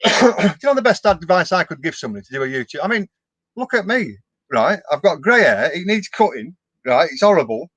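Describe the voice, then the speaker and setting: A middle-aged vlogger with a husky, slightly bright, rather high voice talks briskly, his pitch swinging widely. He answers viewer comments on a live stream in a casual, down-to-earth way, often restarting. The recording has no echo.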